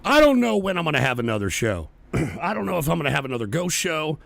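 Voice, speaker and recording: A man hosting a live political show, ranting with constant swearing, his voice hoarse and strained. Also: on the high side, sing-song, fast talker, fairly bright tone. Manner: profane, angry ranting at chat. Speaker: political talk show host. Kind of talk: livestream political rant.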